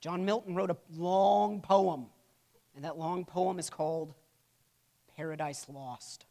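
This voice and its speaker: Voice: medium pitch, steady tone, slow, warm tone. A church history teacher giving a conversational classroom lecture, with humorous asides and frequent "right?" check-ins.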